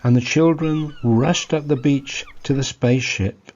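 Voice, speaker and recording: A man with an English accent reading a family story for church, gently and playfully, with chatty asides to the children. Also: medium pitch, a little slow, muffled recording.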